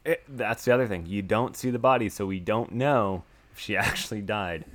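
A young man co-hosting a podcast, casually recapping a film in a rambling, excitable way and swearing freely. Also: on the low side, normal speed. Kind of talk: casual chat.

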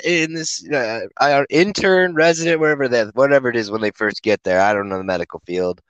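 A man's voice: mid-range voice, animated, a little fast, hardly any pauses, fairly bright tone, clean tone, dry recording, muffled recording. A man chatting on a podcast, telling rambling stories full of swearing and restarts. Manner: rambling, profane storytelling. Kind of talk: casual podcast chat.

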